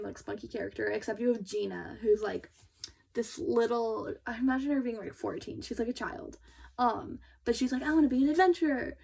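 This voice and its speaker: A young woman reviewing books in a chatty, casual way, full of fillers and quick restarts. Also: mid-range voice, gravelly, slightly rough. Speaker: book reviewer. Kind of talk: casual chat.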